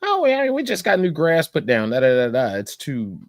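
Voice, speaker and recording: A snooty, entitled neighbor woman with a shrill, lifted voice and an airy, dismissive way of brushing off complaints, as a man puts her on. Her sentences trail off into careless filler. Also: wildly swooping pitch, normal speed, dry recording, clean studio sound.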